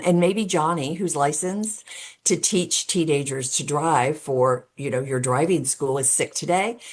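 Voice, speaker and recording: Middle-aged woman, deep-pitched speaking voice, earnest podcast guest who explains step by step with plenty of "um" fillers. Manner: talks through steps as if laying out a case. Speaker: guest, road safety advocate. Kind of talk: podcast interview conversation.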